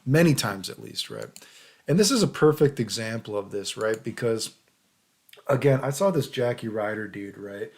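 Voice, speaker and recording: A channel host with a medium-pitched, gravelly, slightly mellow voice rants heatedly and unscripted into a computer microphone. He swears and keeps asking "right?"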